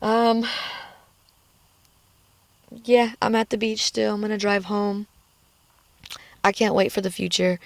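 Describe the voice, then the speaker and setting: A woman's voice: medium pitch, steady tone, normal speed, vocal fry, pauses often, no echo, studio quality. A woman in a candid personal vlog, talking frankly and emotionally and swearing freely, recorded on a phone in a car. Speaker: vlogger. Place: in a car at the beach.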